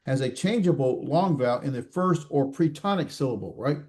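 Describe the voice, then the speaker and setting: In a recorded class session, a male instructor with a mellow, dark-toned, medium-pitched voice explains things patiently yet haltingly and with animation. He fills his speech with uh's and restarts, corrects himself, and checks whether students are following.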